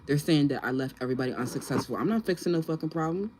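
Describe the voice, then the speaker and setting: Low-voiced, blunt young woman streamer. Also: animated, very fast, a little mellow, a little hiss or hum, rough recording. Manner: blunt, profane, joking, laughs often. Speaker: livestream host. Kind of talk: casual livestream chat.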